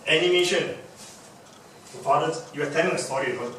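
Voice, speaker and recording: A man's voice: mid-range voice, fairly quick, long pauses, bright, forceful tone. A man giving a public speaking workshop lecture, emphatic and demonstrative, repeating key words to drive them home. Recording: very echoey room, distant mic, background noise.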